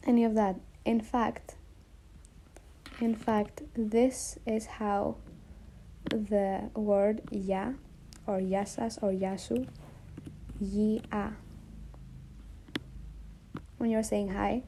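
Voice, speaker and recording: A woman teaching a language lesson, patiently repeating sounds slowly and checking that viewers follow. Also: medium pitch, fairly even intonation, dark tone, rough recording. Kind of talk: slow explanatory lesson.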